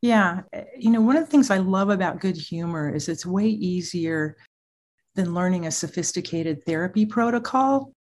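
A woman's voice: fairly low pitch, normal speed, a little hiss or hum. A middle-aged woman, a therapist guest in an interview, telling parenting stories with frequent laughs. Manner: animated storyteller, laughs often. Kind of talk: podcast interview.

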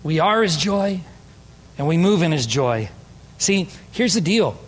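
A man's voice: fairly high pitch, very animated, measured pace, a little hiss or hum. A man preaching an emphatic, story-driven sermon as a pastor. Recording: long hall reverb.

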